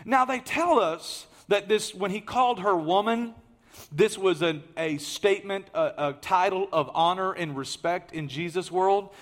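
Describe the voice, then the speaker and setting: With a high-pitched voice and a slightly slow pace, a man preaches, narrating a story vividly and alternating forceful emphasis with hushed asides.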